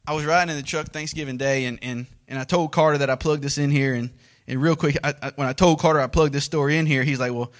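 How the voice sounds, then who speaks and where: A man, telling a folksy hunting story as a sermon illustration, shouting out the lively parts. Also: medium pitch. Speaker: preacher.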